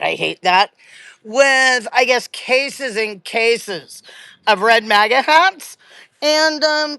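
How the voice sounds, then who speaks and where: A woman's voice: fairly high pitch, pushed and bright, clean tone, dry recording. A middle-aged woman from Louisiana hosting a live political commentary stream, chatty and sarcastic, with many fillers and restarts.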